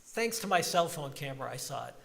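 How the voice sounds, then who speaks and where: A man giving a reflective talk to his congregation in a synagogue, slowing down to stress sung phrases. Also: a little high, very animated, creaky, fairly bright tone, big-room sound. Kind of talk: sermon-like reflection. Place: large synagogue sanctuary.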